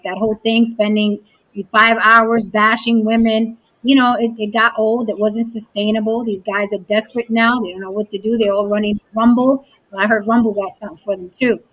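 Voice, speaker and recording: A woman with a mid-pitched voice hosts a livestream talk show. She keeps a brisk pace and speaks directly to the viewers in the chat. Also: steady tone, a bit bright, poor audio. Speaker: host.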